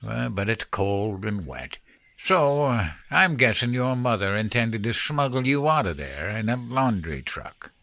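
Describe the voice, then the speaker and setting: A man's voice: fairly low pitch, expressive, a little slow, pushed and bright, dry recording, exaggerated voice. A man voicing a shaken farmer uncle who mutters and stammers in disbelief. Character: uneasy sweating farmer uncle, Henry.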